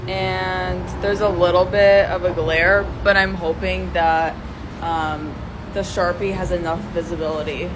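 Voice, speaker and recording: A woman's voice: lowish voice, slight background noise. A woman narrating her own vlog in a matter-of-fact, upbeat way.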